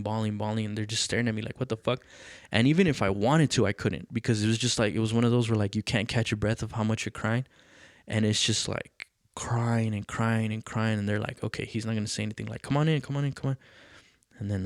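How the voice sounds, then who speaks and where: A man's voice: fairly low pitch, dry recording, clean studio sound. A man hosting a podcast, telling a personal story in a candid, rambling way, full of fillers and swearing. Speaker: podcast host.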